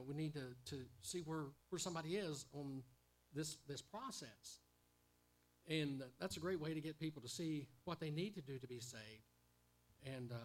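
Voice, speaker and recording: A man preaching a sermon in an earnest teaching tone, often repeating words and stopping with fillers. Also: high voice.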